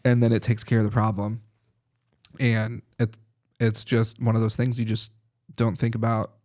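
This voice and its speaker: A man who is a chiropractor, a guest on a podcast, telling lively stories in casual conversation and laughing often. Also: lowish voice, moderate pace. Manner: lively anecdotal storytelling with frequent laughs.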